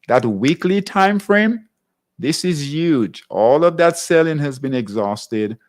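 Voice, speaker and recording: A man's voice: fairly high pitch, lively intonation, slow pace. A man hosting a live trading class, walking through charts in a conversational way and often checking in with his viewers. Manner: conversational, keeps checking in with "all right?". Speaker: trading show host.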